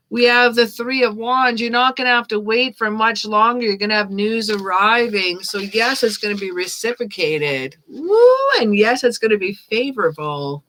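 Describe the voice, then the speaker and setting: A woman hosting a live-stream tarot reading, chatting casually and warmly with her viewers and laughing often. She talks at an unhurried, slow pace. Her voice has a bright, forceful edge. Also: a little high. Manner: chatty, reads chat names aloud, laughs often. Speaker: tarot reader.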